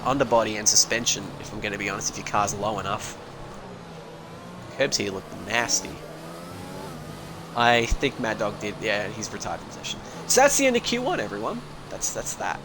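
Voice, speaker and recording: A man's voice: on the low side, noisy background. A man giving casual, rambling live commentary on a sim racing stream, full of joking asides.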